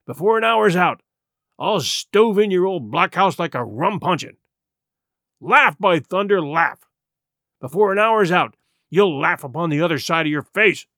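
Picture a blustering old sea-rogue of a pirate cook from a storybook reading, his voice riding high and swooping wildly as he snarls threats in rough sailor talk, as a man puts him on. The sound is close and dry, with no room around it. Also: lively intonation, a little slow, fairly bright tone, no room sound. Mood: furious. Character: gruff one-legged pirate cook, menacing.

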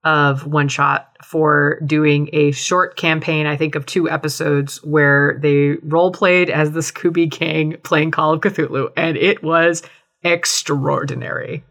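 A woman's voice: low-pitched, steady tone, slow pace, a bit bright. A woman co-hosting a podcast, playfully reading out a comic story and laughing often. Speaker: podcast co-host reading fan fiction.

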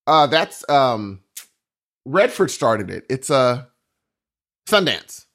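This podcast co-host has a medium-pitched voice and takes things slowly as he chats casually and tells stories. Animated in his storytelling, he frequently slips into silly voices.

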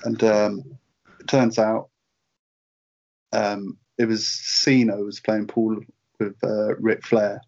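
A British man near forty, guesting on a chat show, with a fairly low voice. He rambles through anecdotes with fillers and easy laughter. The sound is dull and lo-fi, like a remote call. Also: flat delivery, slow, pauses often, a little mellow. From United Kingdom. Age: late 30s. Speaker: guest, merchandise writer. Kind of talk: casual anecdote in interview.

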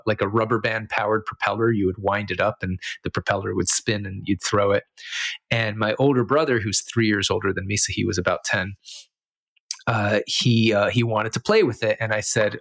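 A man with a low-pitched voice tells a story as a podcast guest. He meanders through it, correcting himself and filling the gaps with "like" and "uh". The recording is dry, with no room sound. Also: gravelly, a bit bright, no echo. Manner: rambling, self-correcting, full of fillers. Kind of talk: casual storytelling.

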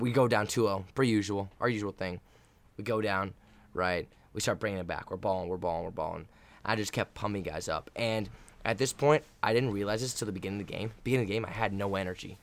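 A young man, a college volleyball player, telling a game story in a casual, hyped way, laughing often and acting out his own yelling. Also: lowish voice.

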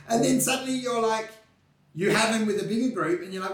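Animated, high-voiced man, off-mic. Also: fast, far from the mic, very noisy. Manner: animated, swearing, mocking impressions. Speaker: podcast co-host. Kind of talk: casual comedic chat. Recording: roomy, off-mic.

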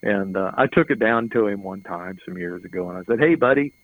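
A man's voice: sits low, fairly even intonation, a little fast, dry recording, poor audio. Rambling middle-aged man, very dry sound. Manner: rambling, chuckling, repeats words as he goes. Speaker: interview guest. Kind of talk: casual anecdotal storytelling.

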